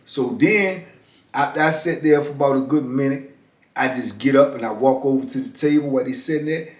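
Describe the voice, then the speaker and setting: A man's voice: medium pitch, brisk. Blunt streetwise middle-aged man storytelling. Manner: blunt, streetwise, repeats "you know what I'm saying". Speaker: former prisoner and motivational speaker. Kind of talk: casual storytelling. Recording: echoey room.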